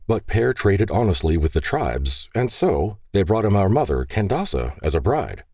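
A man's voice: sits low, big pitch swings, normal speed, darkish tone, no echo, studio quality, exaggerated voice. A man doing a grave, storytelling uncle.

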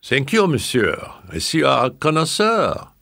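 A man voicing an elderly, grand French woman heavy with jewels, with a French accent and a high, affected manner. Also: huge pitch swings, moderate pace, creaky, a bit bright, dry recording, clean studio sound, exaggerated voice. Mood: appreciative.

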